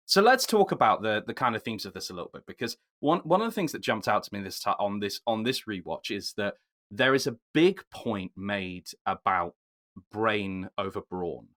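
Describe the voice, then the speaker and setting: Animated man hosting a film chat. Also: fairly low pitch. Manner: animated, rising sharply when emphatic. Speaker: podcast host. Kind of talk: casual discussion.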